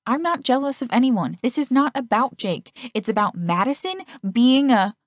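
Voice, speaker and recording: A woman voices a feisty teenage girl who is indignant and emphatic, pitching herself above her natural voice. The delivery is high, very animated, and at normal speed, recorded at studio quality with no room sound.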